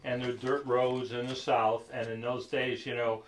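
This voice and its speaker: Halting man telling a story to a group. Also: mid-range voice, level tone, low-quality recording. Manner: halting, many fillers, acts out quoted lines. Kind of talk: casual spoken storytelling.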